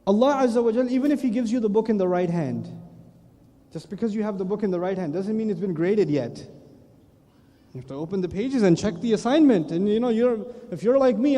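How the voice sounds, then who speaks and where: Lecturer, male, high mellow voice, animated storyteller, echoey hall. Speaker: Islamic lecturer. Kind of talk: humorous religious lecture.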